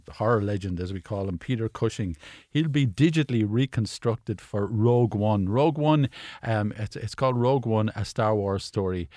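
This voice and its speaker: A man's voice: fairly low pitch, darkish tone, no room sound. Hesitant man talking films, dry studio sound. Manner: hesitant, many restarts and fillers. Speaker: film critic guest. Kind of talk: casual radio chat.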